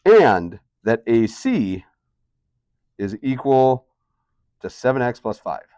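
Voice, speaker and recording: A man's voice: mid-range voice, very animated, slow pace, mellow, no echo. Male teacher, mid voice, dry room, chatty and questioning. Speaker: math teacher. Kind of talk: classroom lesson. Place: classroom.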